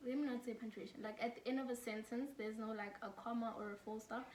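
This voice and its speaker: A woman's voice: on the high side, fairly even intonation, fast talker, slight background noise. A young woman from South Africa giving casual study tips, chatty and laughing, mixing English with Afrikaans. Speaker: student tutor. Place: home room during load shedding. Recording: echoey room, mic at a distance.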